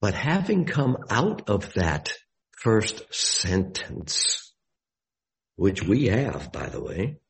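A man giving a Bible study sermon, deliberate and explanatory, with emphatic rises on key words. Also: lowish voice, wildly swooping pitch, rough recording.

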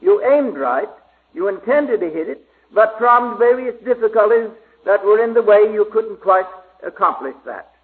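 A man giving a slow, halting Bible study sermon with many pauses and fillers. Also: sits high, expressive. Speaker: preacher. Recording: tinny phone-like old recording.

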